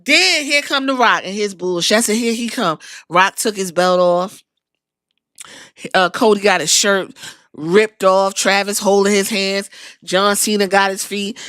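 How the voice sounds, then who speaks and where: A woman's voice: medium pitch, no echo. Woman podcaster ranting through a wrestling recap, cussing a lot, dry close sound. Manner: animated, profane storytelling. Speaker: podcast host.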